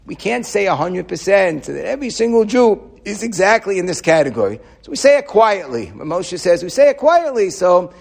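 Rabbi, high gravelly voice, teaching a torah class. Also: male voice, moderate pace, hardly any pauses. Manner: animated teaching with Hebrew quotes, repeats words when thinking.

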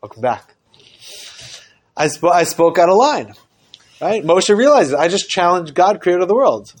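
A man leads a Torah study class, his voice sitting a little high for a man. He talks in an animated way, acting out the dialogue he quotes from the text. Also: normal speed. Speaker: Torah teacher.

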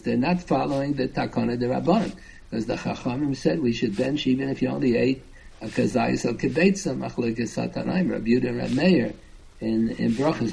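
A man's voice: medium pitch, gravelly, darkish tone, husky, low-quality recording. A man teaching a Talmud class, explaining step by step and chanting the Hebrew and Aramaic quotes.

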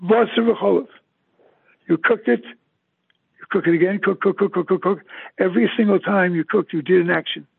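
A man's voice: high voice, normal speed, creaky, pauses often, husky, no room sound. Older man giving an emotional eulogy. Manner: emotional, repetitive, emphatic. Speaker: eulogy speaker. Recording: tinny phone-like, dry sound.

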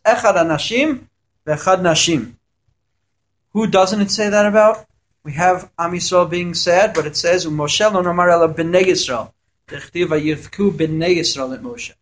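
A man with a high voice gives a Torah lesson to yeshiva students. He reads Hebrew verses aloud, translates each one, and asks questions before answering them in an explanatory way. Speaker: yeshiva teacher.

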